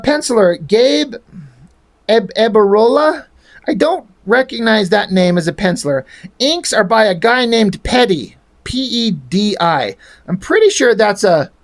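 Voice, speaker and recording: A man reviewing a comic book in casual talk, rambling, exasperated and swearing freely. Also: high-pitched.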